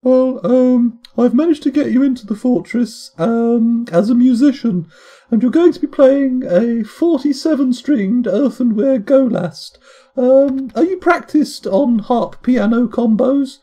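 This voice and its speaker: A man putting on a high falsetto as a polite, hesitant female mission handler who keeps stalling with ums. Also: measured pace, mellow.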